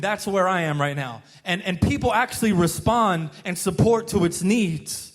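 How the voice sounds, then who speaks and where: Pastor, male, high voice, earnest casual preaching, chatty restarts. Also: normal speed, few pauses. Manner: earnest, peppers talk with "man" and "right?", frequent restarts. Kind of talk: casual conversational sermon.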